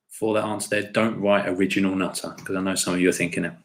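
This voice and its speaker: A man's voice: low-pitched, flat delivery, fast. A man hosting a live-streamed pub quiz, chatty and upbeat, talking straight to his viewers and reading the quotes out plainly. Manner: reads quotes out plainly without doing voices.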